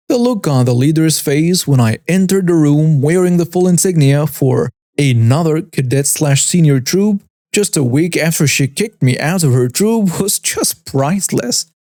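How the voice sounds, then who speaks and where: A man reads online stories aloud in a wry, even way. His voice is mellow and dark but sits slightly high, recorded dry and close. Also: normal speed, dry recording. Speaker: narrator. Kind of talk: scripted narration of online stories.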